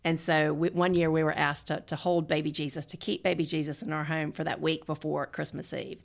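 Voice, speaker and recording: Gravelly low-voiced woman podcast host. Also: a little fast. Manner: animated, laughs often while telling stories. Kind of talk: casual conversational storytelling.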